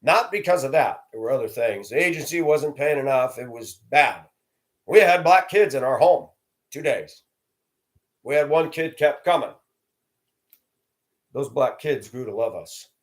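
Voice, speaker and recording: Middle-aged male host, blunt storyteller, average pitch, talks plainly and directly. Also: animated, unhurried, long pauses. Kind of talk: personal storytelling monologue.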